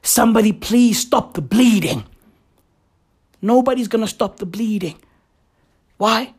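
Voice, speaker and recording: A woman's voice: fairly high pitch, darkish tone, husky. A woman delivering a profane, sarcastic comedic rant full of slang and mock gratitude. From South Africa. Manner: profane, slangy, mock-grateful, drawn-out emphasis.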